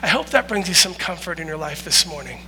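A male pastor preaching a sermon in an animated, humorous storytelling style, often laughing. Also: a little high, quick pace, a little hiss or hum. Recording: long hall reverb.

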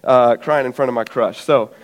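In his sermon, a young man in his 20s recounts a spirited story from his own life, playing out his relatives' voices while slightly winded. His voice is mid-range and his pace moderate.

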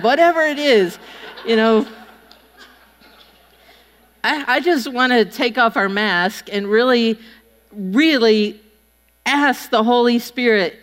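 A woman preaching a sermon, telling chatty, animated personal stories and acting out the voices of the people in them. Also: a little high, slow, pauses often. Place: church hall. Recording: long hall reverb.

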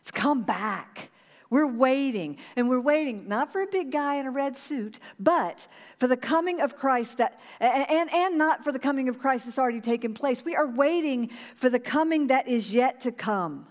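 A woman's voice: high-pitched, expressive, moderate pace, in a large hall. A woman pastor preaching a sermon to her congregation, earnest and urging them to repeat a prayer. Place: church sanctuary.

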